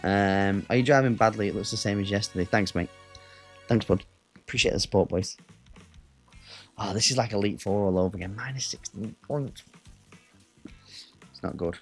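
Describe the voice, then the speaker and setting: A man's voice: fairly low pitch, steady tone, a little fast, long pauses, soft background music. A man with an English accent chatting casually with his viewers as a gaming streamer, rambling and answering the chat.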